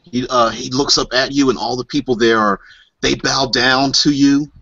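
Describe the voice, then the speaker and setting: A man narrating a tabletop game as game master, describing scenes in a halting way, heard on a dull lo-fi recording. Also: mid-range voice, steady tone, creaky, bright, forceful tone, no room sound.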